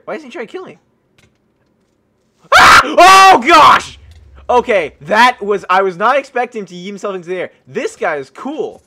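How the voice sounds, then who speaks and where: A man hosting a gaming channel, giving excited gameplay commentary that breaks into shrieks, gasps and laughs. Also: high-pitched. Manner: animated and exclamatory.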